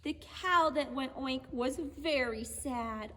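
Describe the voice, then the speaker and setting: A woman gently and patiently teaching children a lesson on horses and reading them a storybook aloud. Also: high-pitched, slow, big-room sound. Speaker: children's horse program instructor.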